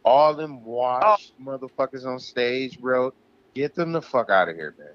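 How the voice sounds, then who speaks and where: A man's voice: mid-range voice, animated, unhurried, no echo, dull audio. A man co-hosting a casual podcast, ranting heatedly and swearing a lot. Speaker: podcast co-host.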